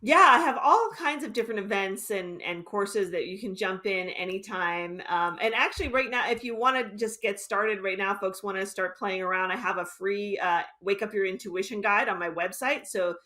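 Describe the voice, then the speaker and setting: A woman's voice: medium pitch, normal speed, few pauses, pushed and bright. A woman author being interviewed as a guest, explaining her ideas in an earnest, fluent way. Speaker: author and intuition teacher, guest. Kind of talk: interview conversation.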